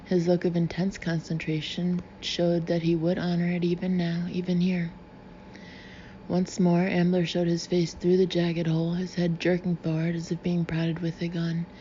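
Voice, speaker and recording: A woman narrating an audiobook in an even, measured reading. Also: lowish voice. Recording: slightly dull recording with faint hiss.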